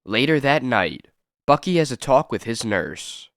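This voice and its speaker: A man reading an old comic book aloud in a measured storytelling way. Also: medium pitch, animated, fairly bright tone, dry recording, studio quality.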